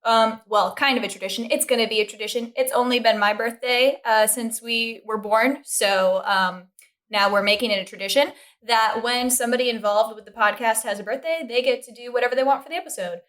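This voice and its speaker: A woman's voice: fairly high pitch, brisk, a bit bright. A woman co-hosting a podcast in casual chat, giggly and playful, humming tunes and making sound effects. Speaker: podcast co-host.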